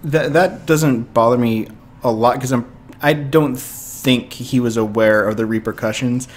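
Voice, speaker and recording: A man co-hosting a casual podcast, easygoing and quick to laugh, acting out little quotes as he talks. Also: medium pitch, steady tone. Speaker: podcast co-host. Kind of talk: casual chat.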